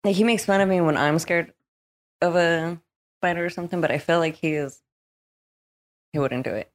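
A woman who is a guest on a casual podcast, speaking quietly and trailing off at the ends of her sentences. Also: on the low side, moderate pace.

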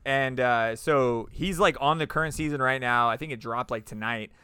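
A man's voice: medium pitch, normal speed, bright, forceful tone, clean tone, no room sound. A young adult man co-hosting a casual podcast, talking loosely with swearing and frequent laughs. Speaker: podcast co-host.

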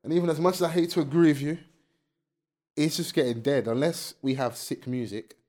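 A young man, co-hosting a casual chat and talking in lively, slang-filled bursts. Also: fairly high pitch, brisk. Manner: animated, slangy, talks over his co-host. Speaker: podcast co-host. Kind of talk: casual chat about UK rap beefs.

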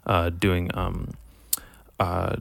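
A man's voice: sits low, completely flat delivery, very slow, creaky, no room sound. A man chatting casually on a podcast, a rambling, self-deprecating storyteller who swears freely. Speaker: podcast co-host.

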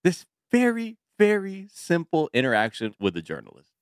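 A man's voice: on the high side, huge pitch swings, moderate pace, no echo, studio quality. A man co-hosting a podcast, chatting casually and riffing with enthusiasm. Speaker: podcast co-host. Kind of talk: casual chat.

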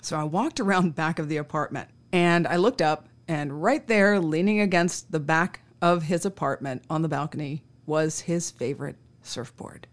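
A woman's voice: low-pitched, moderate pace, hardly any pauses. A woman podcast host telling a true-crime anecdote in a wry, conversational way, acting out the dialogue.

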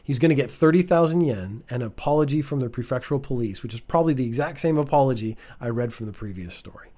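A man's voice: medium pitch, expressive, fast, warm tone. A man giving casual, wry commentary on news stories from home, chatty with frequent restarts.

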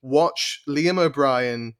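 A man's voice: mid-range voice, extremely slow, clear, resonant tone. A man in casual podcast chat, talking enthusiastically with frequent stumbles and restarts.

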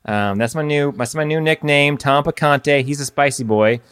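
A man's voice: a little high, normal speed, a bit bright, clear, resonant tone. A man co-hosting a casual podcast chat, talking in a loose, rambling way with many fillers. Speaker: podcast co-host. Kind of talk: casual chat about cycling.

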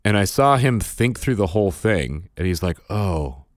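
Low-voiced man telling a parenting story. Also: expressive, normal speed, dry recording, clean studio sound. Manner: storytelling, matter-of-fact. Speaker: podcast co-host and father. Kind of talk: casual chat.

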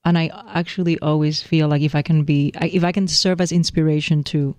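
A woman's voice: low voice, little pitch movement, a little mellow, dry recording. A young woman co-hosting a casual chat with her partner, playful and dramatic, speaking English as a second language. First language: not English. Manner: playful, dramatic storytelling, quick to laugh. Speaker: podcast co-host.

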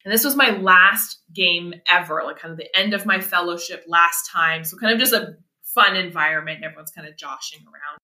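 A very bright, crisp woman's voice in her thirties, from Canada, telling a story in a lively, casual way as a podcast guest. She acts out little quotes and laughs easily, and the room around her rings with a noticeable echo. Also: on the low side, a little fast, hardly any pauses. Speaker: guest, sports medicine doctor. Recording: roomy echo.

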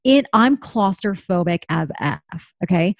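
A woman's voice: fairly low pitch, measured pace, no room sound, studio quality. A woman in her thirties from Utah, telling a story in casual chat, full of "like" and acted-out quotes. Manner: animated, lots of "like", acts out quotes.

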